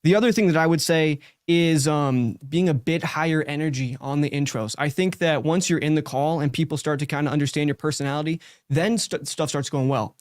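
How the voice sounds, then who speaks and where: A man's voice: fairly high pitch, fairly quick, few pauses, dry recording, studio quality. A man who hosts a show, giving direct, talkative live coaching feedback with many likes and restarts. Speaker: sales coach and show host.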